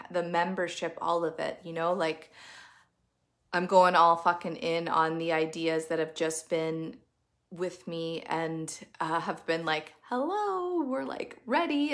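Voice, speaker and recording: A woman's voice: on the low side, a bit bright. A woman hosting a casual live talk for an online women's group, effusive and spiritual, swearing freely. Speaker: women's community coach and host.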